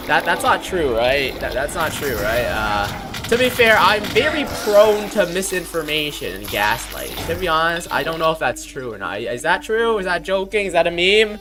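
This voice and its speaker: A man's voice: on the high side, very animated, normal speed, music in the background. A man who is not a native English speaker, streaming a game and rambling profanely in casual commentary.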